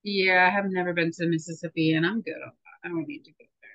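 A woman's voice: lowish voice, fairly even intonation, fast, a bit bright, dry recording, dull audio. A woman co-hosting a casual pop-culture podcast, chatty and playful, laughing easily. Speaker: podcast co-host. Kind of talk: casual chat.

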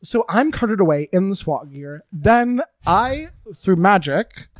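A woman guest on a comedy podcast, telling an absurd improvised story with playful, theatrical deadpan. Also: mid-range voice, takes it slowly, no room sound.

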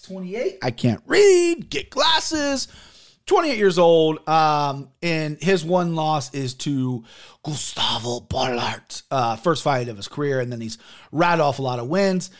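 A man's voice: a little high, a little slow. A man hosting his own podcast, talking casually and with a lot of swearing, telling stories and acting out the other people's lines. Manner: animated, profane, storytelling with voiced quotes. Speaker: podcast host. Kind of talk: casual solo podcast talk.

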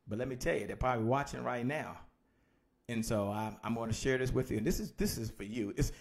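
Energetic man hosting a motivational sales talk. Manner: energetic, repetitive, swinging from loud emphasis to low hushed lines; greets listeners by name. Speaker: podcast host and business coach.

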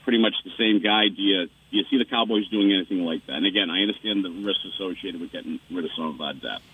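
A man with a Boston accent calls in over a thin, phone-like line. His voice is husky and sits fairly low, and he picks his words slowly, leaning on fillers. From Boston area. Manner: hesitant, many fillers. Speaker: caller. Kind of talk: call-in question.

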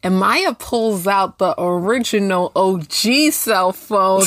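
A woman co-hosting a casual chat show, recapping a TV episode in a blunt, profane, lively way. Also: mid-range voice, slow pace. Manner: blunt, profane, animated storytelling. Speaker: podcast co-host.

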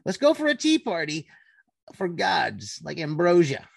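A player in a tabletop game, talking in an animated way and laughing often. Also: mid-range voice, unhurried, creaky, dry recording, clean studio sound.

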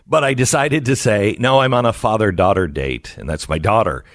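A man's voice: lowish voice, brisk, no echo, studio quality. A middle-aged man hosting a talk radio show, telling stories in a wry, self-mocking way and laughing at his own jokes. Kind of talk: casual talk radio chat.

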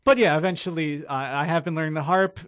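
Stammering, self-mocking male guest; high voice, rambly jokes. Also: fast talker, no room sound, clean studio sound. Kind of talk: casual comedic chat.

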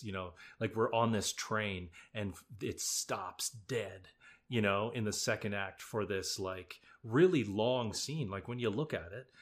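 Low-voiced man chatting loosely. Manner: relaxed, rambling, heavy use of "like" and "you know". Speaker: guest actor and singer. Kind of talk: casual interview chat.

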